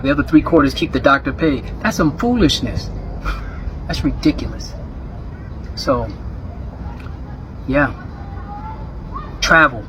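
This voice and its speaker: An American man talking casually to camera outdoors, lively and acting out quoted voices. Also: on the high side, lo-fi sound, a little hiss or hum. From United States. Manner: animated, acts out quoted voices, chuckles. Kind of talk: casual vlog talk to camera.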